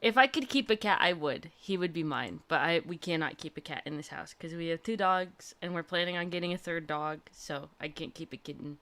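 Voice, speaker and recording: A woman's voice: fairly low pitch, brisk, few pauses, a bit bright. A young woman hosting a livestream, chatting casually and gushing through a personal story with lots of fillers. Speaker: livestream host.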